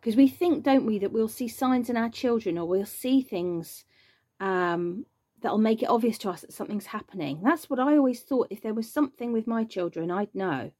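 An earnest woman tells her story as a mother in a mellow, warm tone. She speaks emphatically and reflectively, rising when she makes a point. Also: on the high side, normal speed. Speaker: mother sharing her experience. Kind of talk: personal testimony.

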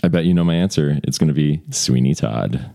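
A man's voice: extremely low pitch, expressive, brisk, vocal fry, warm tone. A man, a stage actor and singer, chatting as a guest with a playful, easygoing manner and frequent laughs. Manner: playful, laughs often, agreeable. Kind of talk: casual chat.

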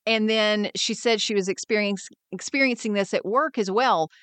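A woman hosting a wellness podcast, talking in a lively way and acting out quoted friends in raised voices. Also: mid-range voice, moderate pace, smooth, no echo. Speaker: podcast host and wellness mentor. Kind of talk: scripted podcast monologue.

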